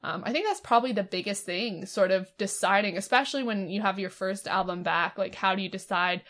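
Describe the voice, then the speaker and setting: Brisk and medium-pitched, with a slightly bright tone, this young woman co-hosts a podcast and keeps the casual chat going with frequent fillers and laughs.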